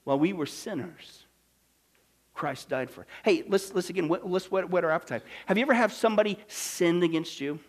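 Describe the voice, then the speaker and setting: A male pastor preaching a sermon, swinging from hushed, low lines to loud, emphatic ones. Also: a little fast.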